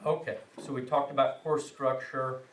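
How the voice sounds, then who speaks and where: A man's voice: mid-range voice, little pitch movement, normal speed. Chatty man teaching a class, distant. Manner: chatty, frequent "right?" check-ins, self-deprecating. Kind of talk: classroom instruction. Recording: roomy, distant, faint hiss.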